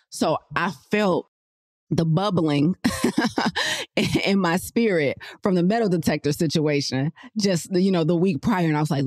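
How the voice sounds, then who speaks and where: A woman hosting a podcast, chatting casually about health and telling animated personal stories straight to her listeners. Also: fairly low pitch, measured pace, no room sound, clean studio sound. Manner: chatty, animated storyteller who laughs often; addresses listeners directly in slangy speech. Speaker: podcast host.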